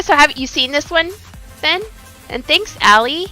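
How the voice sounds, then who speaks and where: A woman's voice: high voice, measured pace, bright, forceful tone, faint music behind. A woman streamer chatting casually on a live stream and thanking viewers by name.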